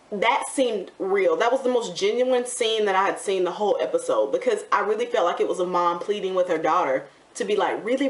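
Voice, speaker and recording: Sassy woman recapping TV, echoey room. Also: medium pitch. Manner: chatty and sassy, addresses viewers as y'all. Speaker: TV recap host. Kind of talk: casual commentary. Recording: roomy echo, mic at a distance.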